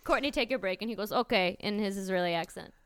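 A woman's voice: mid-range voice, fast talker, smooth, no echo, studio quality. A woman, a stage actor, on a podcast as guest, laughing and chiming in with short replies. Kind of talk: casual chat.

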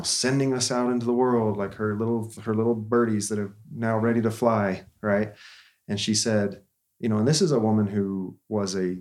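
Earnest man telling a story, low-pitched. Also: darkish tone. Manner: conversational, earnest, with frequent restarts. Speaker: therapist.

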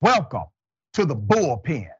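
Male show host, husky voice, announcer-style delivery, dull dry studio sound. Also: on the high side, very animated, unhurried, no echo. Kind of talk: interview show hosting.

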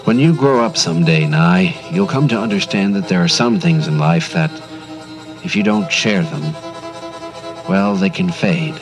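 A man voicing a sad, secretive grown man who speaks gently but can break into booming shouts. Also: lively intonation, measured pace, music in the background. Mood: hushed, confiding.

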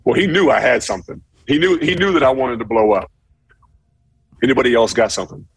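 A man casually telling a profane story, acting out shouted quotes with animated energy. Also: mid-range voice, quick pace, husky, no echo. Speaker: former football player telling a story.

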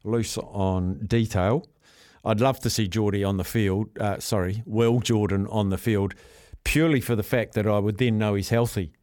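A man with a New Zealand accent hosts laid-back, jokey sports talkback radio from the studio, reading listener entries aloud. His fairly low, darkish voice moves at normal speed with fairly even intonation, captured at studio quality with no room sound.

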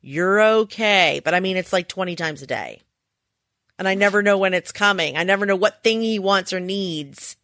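A woman co-hosting a podcast in casual chat, telling stories animatedly and acting out a panicked child in high squeals. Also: animated, fairly quick, a bit bright, dry recording, studio quality. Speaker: podcast co-host.

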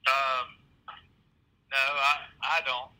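A man's voice: medium pitch, little pitch movement, very slow, sharp tone. A man answering a restaurant phone, terse and hesitant. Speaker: restaurant worker answering a call. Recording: tinny phone line.

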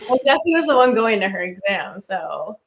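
A young woman guest, one half of a music duo, talking in a relaxed casual interview chat with plenty of "like" fillers. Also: medium pitch, moderate pace. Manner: relaxed, heavy use of filler "like".

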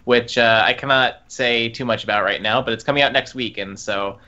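A man co-hosting a casual gaming podcast, talking in a relaxed, hesitant way with plenty of fillers. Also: mid-range voice, a little fast, dull audio. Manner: relaxed, hesitant with many uh's. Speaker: podcast co-host, game reviewer.

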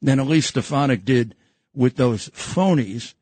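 A man's voice: medium pitch, lively intonation, unhurried, darkish tone, husky, dry recording. An older man with a New York accent hosting a podcast, rambling and joking with lots of fillers and restarts. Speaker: podcast host. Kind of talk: casual political talk show chat.

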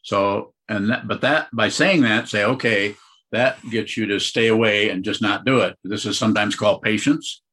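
Husky, bright-voiced male meditation teacher. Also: lowish voice, normal speed. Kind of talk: dharma talk answering questions.

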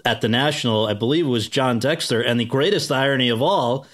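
Man interviewing, measured questions. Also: medium pitch, a bit bright.

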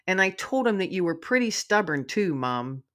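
A woman voicing an excited young male dog spirit, eager and sweet, in a spoken storybook. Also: on the low side, normal speed, voice pushed up. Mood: playful.

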